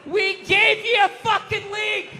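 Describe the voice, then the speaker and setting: Shouting, profane stand-up comedian man. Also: very high-pitched, little pitch movement, unhurried, soft background music, a faint crowd. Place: live comedy venue. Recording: live show with audience noise.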